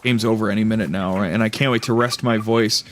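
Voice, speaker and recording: A man's voice: on the low side, steady tone, quick pace, a bit bright, soft background music. A game streamer man reading a game's story aloud with playful, dry delivery and casual asides.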